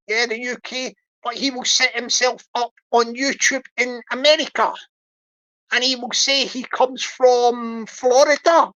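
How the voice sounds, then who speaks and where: Bright, chatty woman livestreamer. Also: on the high side. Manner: chatty, giggly, playful. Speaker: livestream host. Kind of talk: casual livestream chat. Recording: dull lo-fi stream audio.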